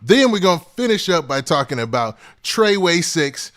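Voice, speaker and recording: A man hosting a hip-hop news livestream. He talks in a relaxed, casual way and keeps saying "man" and "what's up". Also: a little high, moderate pace. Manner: laid-back, repeats "man" and "what's up" often. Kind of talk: casual livestream shout-outs.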